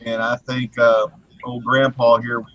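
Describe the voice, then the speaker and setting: A man's voice: medium pitch, completely flat delivery, unhurried, fairly bright tone, no echo, dull audio. A man hosting a comics live stream, laid-back, reading out the chat.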